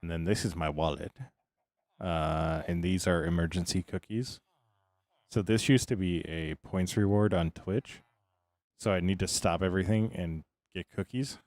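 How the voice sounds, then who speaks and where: Low-voiced man streaming, rambling chat. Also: a little mellow, no echo. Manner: rambling, answers chat between remarks. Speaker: game streamer. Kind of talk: casual livestream commentary.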